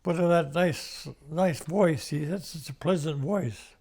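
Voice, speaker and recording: A man's voice: fairly high pitch, unhurried, a little mellow. An older American man telling war stories in an oral history interview, rambling with restarts and little chuckles. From United States. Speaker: veteran interviewee.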